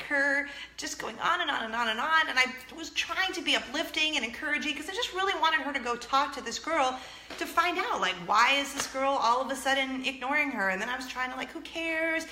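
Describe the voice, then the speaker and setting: A woman's voice: high voice, sharp tone, reverberant, a little hiss or hum. A woman in her thirties hosting a casual vlog, chatty and self-mocking, laughing often and acting out what people said. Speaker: vlog host. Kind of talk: casual chat to camera.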